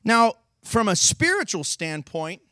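Youth preacher, male, high-pitched, teasing crowd-worker, dry close mic. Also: sing-song, unhurried, no room sound. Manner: playful, goading, shouts coaching cues. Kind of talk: youth sermon with audience games.

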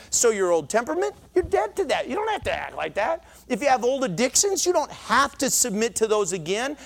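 A male pastor preaching to a congregation in a church. He speaks in an earnest, conversational way and often restarts his sentences. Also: extremely high pitch. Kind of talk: sermon.

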